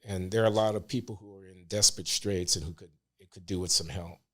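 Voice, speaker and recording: An older man speaking as a guest on a casual podcast, measured and deliberate with frequent hesitations. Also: low voice, steady tone, fairly bright tone.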